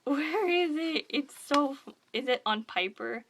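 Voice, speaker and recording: A young woman in a casual book review vlog, gushing and excitable, rambling with lots of fillers. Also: high voice, measured pace, a little hiss or hum. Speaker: book vlogger.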